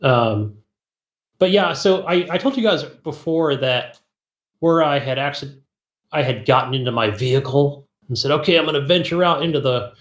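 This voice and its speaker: A podcast co-host with a somewhat high-pitched male voice speaks at a normal pace in an echoey room. In casual gaming chat, he tells a rambling story about a video game, laughing as he goes and acting out its dialogue.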